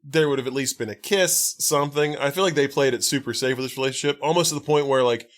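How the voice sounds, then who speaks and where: A man's voice: medium pitch, fast. Rambling man recapping a movie. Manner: rambling recap, many likes and restarts. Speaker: podcast host. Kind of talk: casual movie recap chat.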